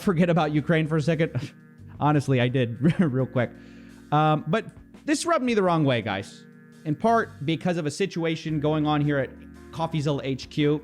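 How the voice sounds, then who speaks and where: A man's voice: medium pitch, darkish tone. A man presenting an online commentary video in a dry, mocking tone with ironic asides. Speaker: YouTube commentator.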